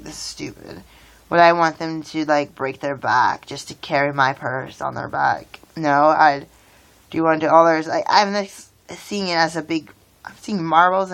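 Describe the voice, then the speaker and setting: A woman in her thirties rambling in a casual vlog while she builds with toy bricks. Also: sits low. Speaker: vlogger.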